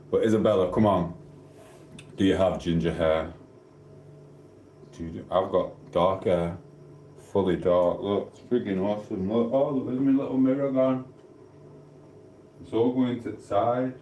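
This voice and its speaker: Man, South Yorkshire accent, live stream host, playful teasing chat, slightly deep voice, echoey room. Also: darkish tone, a little hiss or hum. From Sheffield, England. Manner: playful, teasing, reads chat comments aloud. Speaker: livestream host. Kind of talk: casual live chat with viewers.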